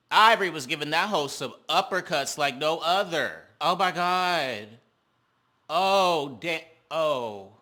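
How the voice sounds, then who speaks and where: Sassy man with a very bright voice. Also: medium pitch. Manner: sassy, animated, slangy. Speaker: reality TV recap host. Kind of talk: casual commentary.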